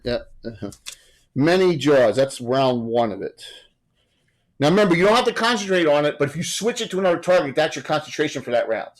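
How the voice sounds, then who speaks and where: A man running a tabletop game as game master, chatty and loose, with quick rules asides. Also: a little high, sing-song, rough recording.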